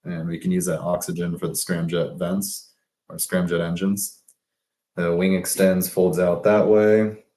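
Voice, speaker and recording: Deep-voiced man musing over sketches. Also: flat delivery, measured pace, mellow, roomy sound. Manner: rambling, thinking aloud with fillers and self-corrections. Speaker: presenter of business ideas. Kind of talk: casual explanation of sketches.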